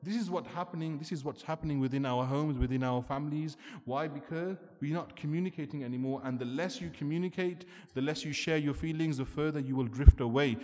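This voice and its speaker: A man's voice: a little high, a little fast, hardly any pauses, warm tone. A man preaching an earnest, emphatic sermon, asking rhetorical questions as he lectures. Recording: long hall reverb.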